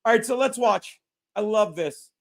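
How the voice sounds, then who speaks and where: A man with a very high-pitched voice hosts a casual podcast. He talks in a brash, profane way and acts out other people's lines as he tells his stories. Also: animated, moderate pace. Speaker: podcast host. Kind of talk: casual chat.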